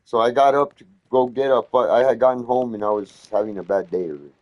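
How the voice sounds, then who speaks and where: A man telling a heated story in casual conversation, swearing constantly and getting loud when he retells arguments. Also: mid-range voice, fairly even intonation, quick pace.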